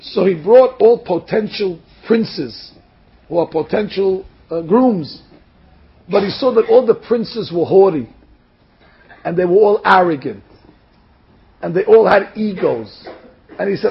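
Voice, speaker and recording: A man preaching a sermon through a parable, telling the story with fillers and an animated manner. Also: sits high, measured pace, gravelly, pauses often, breathy edge. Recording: dull lo-fi recording.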